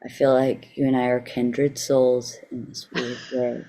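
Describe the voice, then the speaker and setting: A woman with a strikingly low, deep voice chats and teases her friends playfully. She talks casually over a call. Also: level tone, unhurried, dark tone, slight background noise. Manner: playful, teasing. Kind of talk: casual chat.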